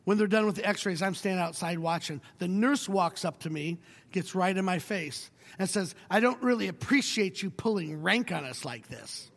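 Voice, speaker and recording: A middle-aged male pastor preaching a sermon, telling a personal story with wry humor and moving between hushed and emphatic delivery. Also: sits high, lively intonation, normal speed, in a large hall.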